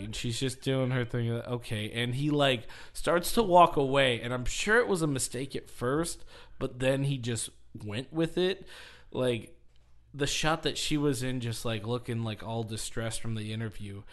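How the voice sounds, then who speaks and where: A man on a podcast, casually retelling a story with lively acted-out quotes and frequent laughter. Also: mid-range voice, normal speed. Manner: animated storytelling, acting out quotes, laughing often. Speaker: podcast host. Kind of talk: casual chat.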